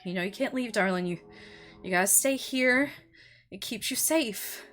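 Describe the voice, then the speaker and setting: A woman voicing a motherly vampire elder woman, tender and weary, soothing and halting in a tabletop role-play. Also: medium pitch, a bit bright, faint music behind, voice pushed up, close to an everyday voice. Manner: soothing, halting, repeats words.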